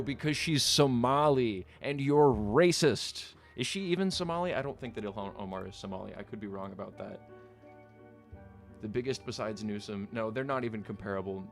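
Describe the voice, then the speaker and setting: This streamer has a lowish voice and a brisk delivery, with faint music in the background. He reads out chat messages and answers them with combative sarcasm, cursing liberally and cracking himself up.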